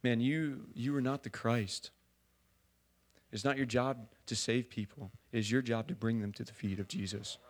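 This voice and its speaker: A man preaching a sermon in a church, talking casually with many fillers and building to loud fervor. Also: medium pitch, steady tone, moderate pace. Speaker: pastor.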